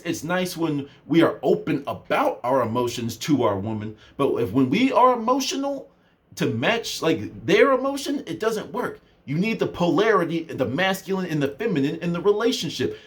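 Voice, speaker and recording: A young man casually telling a story to camera as a self-improvement vlogger, with lots of fillers. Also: fairly high pitch. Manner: animated storytelling, many fillers. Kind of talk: casual talking-to-camera chat.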